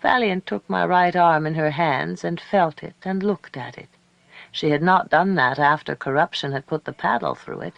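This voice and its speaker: A man narrating a story aloud in a calm, measured, reflective way. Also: fairly high pitch, gravelly, no room sound, muffled recording. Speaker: audiobook narrator. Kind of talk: scripted narration.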